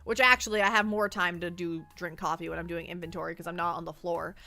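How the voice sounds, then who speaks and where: A woman's voice: lowish voice, steady tone, quick pace, vocal fry, sharp tone, faint music behind. A woman streamer chatting casually and rambling, often repeating her words as she answers chat. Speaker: livestreamer.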